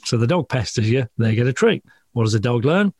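A man's voice: mid-range voice, expressive, fairly quick, slightly rough, no room sound, clean studio sound. A man, a dog trainer chatting in an interview, explaining things casually and laughing often.

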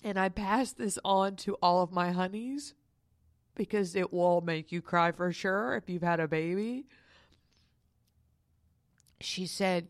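A woman's voice: lowish voice, takes it slowly, pauses often, no room sound, clean studio sound. A woman hosting a podcast, telling a personal story in a frank, emphatic and confiding way and calling her listeners honeys. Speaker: podcast host.

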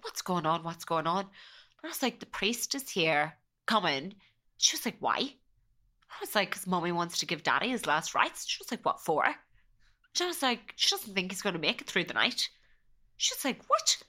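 A woman's voice: mid-range voice, bright, forceful tone. A young woman, a podcast guest, telling a personal story in a chatty way, often quoting herself and her family.

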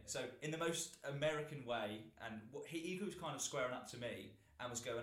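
A young British man co-hosting a casual podcast, rambling through an anecdote and laughing as he goes. His voice sits at an ordinary middle pitch, and the recording has a noticeable roomy echo. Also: fairly quick, hardly any pauses, a bit bright. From Britain. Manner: rambling storyteller, laughs often. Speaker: podcast co-host. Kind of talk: casual chat, anecdote telling.

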